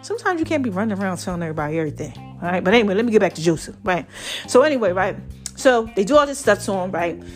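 A woman's voice: medium pitch, rapid-fire, soft background music. A woman, casually retelling a Bible story to her followers, acting out voices and often asking "right?". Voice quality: lively storytelling with acted voices. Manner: chatty, keeps asking "right?". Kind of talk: casual faith talk to followers.

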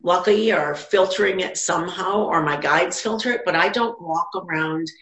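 A woman's voice: on the low side, moderate pace. Echoey-voiced woman telling stories animatedly. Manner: animated, acts out quoted voices. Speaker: psychic medium and teacher. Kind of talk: casual storytelling in a conversation.

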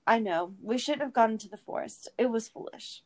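A woman voicing a young male hobbit, humble and tired, who speaks softly and earnestly. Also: fairly high pitch, fairly quick, natural voice.

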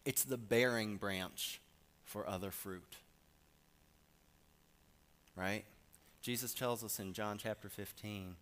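A man preaching a sermon, reading scripture with emphasis and swinging from soft asides to loud lines. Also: on the low side, fairly even intonation, slow, pauses often.

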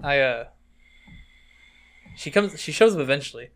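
A young man co-hosting a casual podcast, telling a long story in a rambling, animated way and laughing often. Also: a little high, moderate pace. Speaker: podcast co-host.

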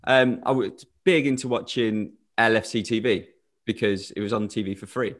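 A man's voice: on the low side, moderate pace. Young man, chatty, rambling, jokey. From England. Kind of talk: casual chat.

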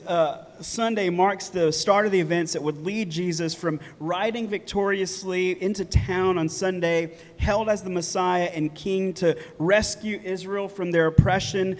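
Male pastor, high voice, conversational sermon, chatty asides, church hall reverb. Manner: casual, conversational preaching with many "right?" asides; laughs lightly between points.

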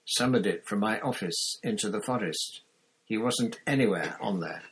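Casting: gruff grizzled old wizard, growling, deep and husky, read by a man. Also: moderate pace, poor audio.

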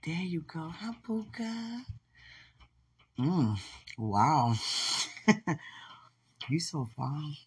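A woman's voice: low voice, sing-song, very slow, long pauses, slightly rough. A woman hosting a podcast in casual livestream chat, effusive and affectionate and laughing often. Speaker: podcast host.

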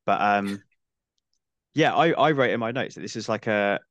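Low-voiced man, thoughtful and dry. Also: moderate pace, fairly bright tone, no echo. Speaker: podcast guest. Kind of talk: casual film-review chat.

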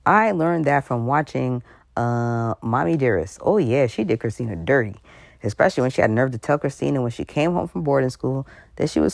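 A woman host with an extremely low, creaky voice delivers a frank commentary monologue at a moderate pace, recorded in studio quality with no room sound. She's animated and conversational, packing in asides, breaking into laughter, and acting out different voices.

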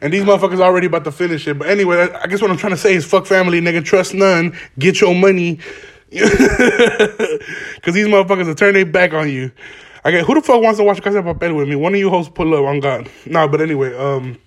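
A man's voice: high-pitched, racing, few pauses. A young man hosting a casual solo podcast from home, rambling in profane slang while stoned and smoking. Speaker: podcast host. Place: home, garage.

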